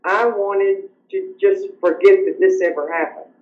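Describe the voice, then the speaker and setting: An older woman, earnestly telling her personal story as an interview guest, sometimes halting when upset. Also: mid-range voice, fairly even intonation. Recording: roomy, muffled remote audio.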